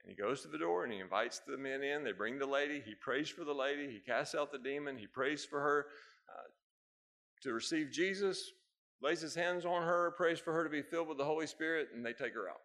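American preacher telling a story. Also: male voice, brisk, fairly bright tone. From United States. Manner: storytelling, building to emphatic high bursts. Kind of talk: sermon. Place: church hall with a live congregation.

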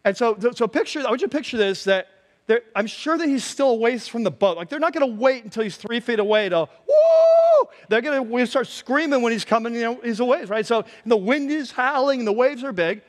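A man preaching a sermon as pastor, telling the story in an animated way and laughing along as he goes. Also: extremely high pitch, fast, long reverb tail.

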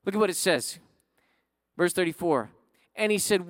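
A man preaching a sermon in a conversational way, often checking in with his listeners with a quick "right?". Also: high-pitched, no room sound, studio quality. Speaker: pastor.

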